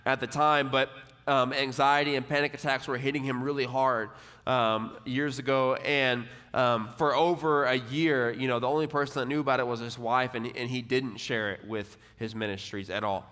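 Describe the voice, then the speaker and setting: A young man from Texas, giving a casual, conversational sermon to a college ministry. He leans on lots of fillers and repeated words, and drops lower and quieter when quoting people. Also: steady tone, normal speed, clean tone. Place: church or ministry hall. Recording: long hall reverb.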